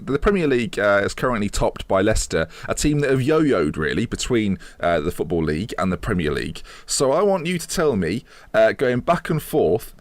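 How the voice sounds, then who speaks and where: A young man hosting a casual football podcast, running a quiz game with quick, playful rulings. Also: mid-range voice, dry recording. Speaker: podcast host.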